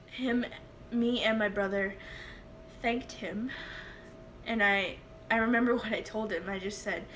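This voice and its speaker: A young woman vlogger telling a personal story in a halting, emotional way, with many fillers and restarts. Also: medium pitch, fairly bright tone, slight background noise.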